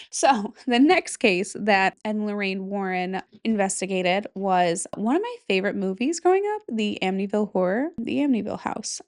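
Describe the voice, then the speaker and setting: A young woman hosting a solo podcast, chatting casually, swearing freely and reacting out loud as she goes. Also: mid-range voice. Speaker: podcast host.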